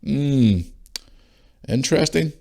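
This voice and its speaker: A man's voice: mid-range voice, slow, creaky, dark tone. A middle-aged Northern Irish man hosting a solo podcast, ranting bluntly and swearing freely, tired and yawning. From Northern Ireland. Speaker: podcast host. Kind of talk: casual solo podcast chat.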